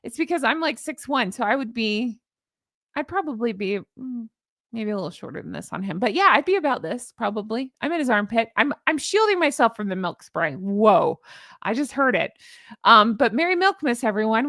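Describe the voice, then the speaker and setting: A woman's voice: fairly high pitch, big pitch swings, moderate pace, fairly bright tone, dry recording, clean studio sound. A woman hosting her own channel, chatting sarcastically and laughing often as she shows viewers her joke pictures. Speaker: host. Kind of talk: casual commentary vlog.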